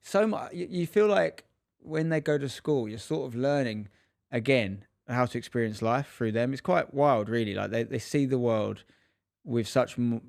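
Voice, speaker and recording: A man's voice: mid-range voice, normal speed, creaky, no echo, studio quality. A man co-hosting a casual podcast chat, telling a story and acting out the people in it. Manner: animated storyteller acting out quotes. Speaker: podcast co-host, dad.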